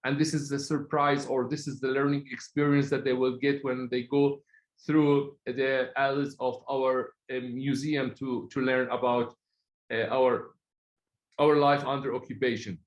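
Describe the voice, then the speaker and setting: A man from Palestine, speaking as a guest in an online talk in an earnest, halting way, often searching for words. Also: mid-range voice, little pitch movement, reverberant, rough recording.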